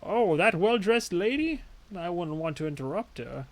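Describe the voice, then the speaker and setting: A man voicing a shy, gentle old man, speaking slowly, softly and hesitantly. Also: sits high, animated. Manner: slow, soft and hesitant.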